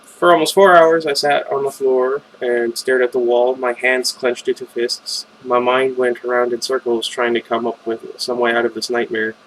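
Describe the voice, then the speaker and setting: A man's voice: medium pitch, completely flat delivery, normal speed, few pauses, fairly bright tone, slight background noise, low-quality recording. A man reading a fan novel aloud in first person, stumbling now and then and breaking off for casual side comments. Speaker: reader.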